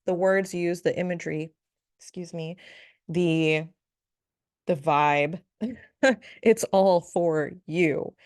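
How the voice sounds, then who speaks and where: A chatty woman hosts a solo spiritual podcast, speaking in a fairly low voice with frequent giggles and playful asides. The recording is dry and close, with no room sound. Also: slow, pauses often, a little mellow, no room sound. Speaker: podcast host, spiritual reader.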